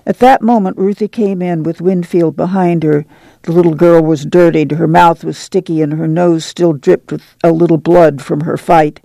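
A man narrating an audiobook in a measured, even storytelling manner. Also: a little high, creaky, no echo.

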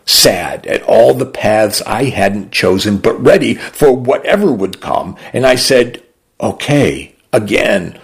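A man reading a literary short story aloud for a radio program, slow, deliberate and expressive. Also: lowish voice, husky.

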